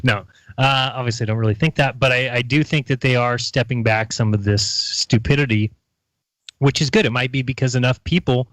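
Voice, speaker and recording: A man's voice: medium pitch, fairly even intonation, a little fast, a bit bright, dry recording, poor audio. A man hosting a casual call-in radio show, reading viewer comments aloud and chatting with his co-hosts. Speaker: radio host.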